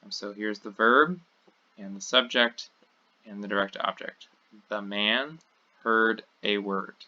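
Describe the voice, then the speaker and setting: A man with a drawl lectures at an easy, methodical pace, repeating terms so they sink in. His tone is very bright and forward. The recording sounds dull and lo-fi. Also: mid-range voice. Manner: methodical, repeats key words and phrases. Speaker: teacher.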